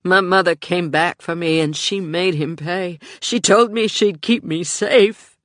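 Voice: mid-range voice, measured pace, fairly bright tone, no echo, clean studio sound, natural voice. The narrator voicing a tough grown woman who is crying, strained and cursing. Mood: tearful.

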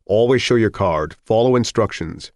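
A man's voice: on the low side, lively intonation, a little fast, no room sound, studio quality. A man voicing a bored, curt male doctor who snaps clipped orders during an audiobook reading. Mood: curt commanding.

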